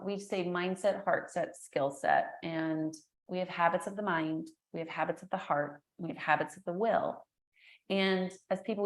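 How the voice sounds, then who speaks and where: Animated woman in an echoey room. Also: fairly low pitch. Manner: energetic, animated storyteller who acts out quotes. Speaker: guest, entrepreneur and speaker. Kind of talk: casual interview chat.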